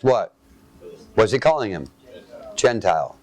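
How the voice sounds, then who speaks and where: A man's voice: on the low side, expressive, a little slow, pauses often, darkish tone, no room sound. A man preaching a sermon, reading scripture aloud and asking his listeners to fill in the missing words. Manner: asks fill-in-the-blank questions of listeners; reads scripture aloud, then comments.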